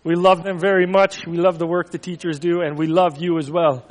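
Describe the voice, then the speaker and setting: A man with a high-pitched voice speaks as a pastor in a church. He tells a story with dramatic pauses and sudden quiet moments, and his words ring out with a long reverb around the hall. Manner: expressive storytelling, dramatic pauses, drops to near whisper. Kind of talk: children's story reading then church announcements.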